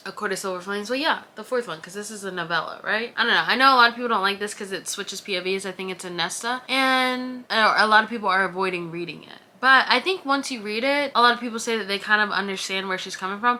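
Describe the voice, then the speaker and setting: A woman in her twenties chatting casually to camera about books, animated and dramatic in her reactions. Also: a little high. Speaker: book vlogger.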